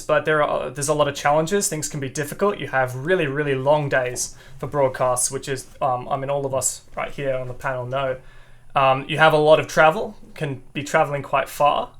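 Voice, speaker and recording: A man's voice: a little high, fairly bright tone. A man hosting a podcast interview, asking questions and making light jokes. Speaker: podcast host. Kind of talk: casual interview.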